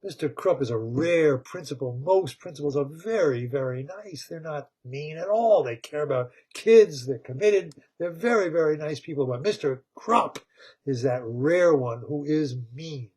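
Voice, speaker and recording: A man retelling a cartoon story in a rambling, animated way, laughing as he goes. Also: on the high side, moderate pace, slightly rough. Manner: rambling, animated, laughs at his own tale.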